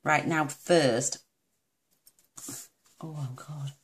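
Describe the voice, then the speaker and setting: In a low-quality recording, a middle-aged British craft demonstrator rambles chattily while working through a tutorial, often talking to herself. She has a deep, breathy-edged voice with a steady tone and drawn-out words.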